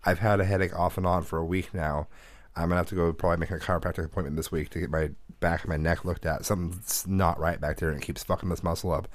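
A man with a lowish voice talks in a casual, rambling way. He swears freely and acts out what others said while telling his stories. The sound is dry and close, with no room echo. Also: fairly even intonation, quick pace. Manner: profane, rambling storyteller who acts out quotes. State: suffering from a headache. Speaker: podcast co-host and father. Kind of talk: casual chat.

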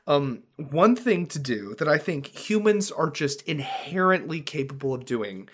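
A man's voice: fairly high pitch, big pitch swings, a little slow, hardly any pauses, slightly rough. A man co-hosting a casual podcast, rambling with lots of fillers and laughing as he talks about running tabletop games. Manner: rambling, filler-heavy, laughs while talking. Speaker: podcast co-host and dungeon master.

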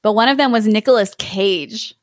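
A woman co-hosts a casual podcast chat about a film, sharing trivia in a chatty way and laughing often. Her mid-range voice moves at a moderate pace, and the studio sound is clean with no echo.

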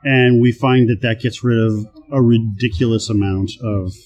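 A man's voice: medium pitch, normal speed. A man talking as a guest in a casual interview, telling work stories with a laugh now and then and acting out other people's lines. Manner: animated, laughs often, acts out quoted voices. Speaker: guest, software team manager. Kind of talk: casual conversational storytelling.

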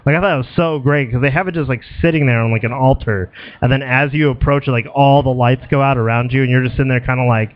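A man's voice: mid-range voice, fast talker, dry recording. A man co-hosting a casual gaming chat, joking and acting out quoted reactions. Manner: jokey, acts out quoted reactions. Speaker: podcast co-host. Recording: lo-fi audio.

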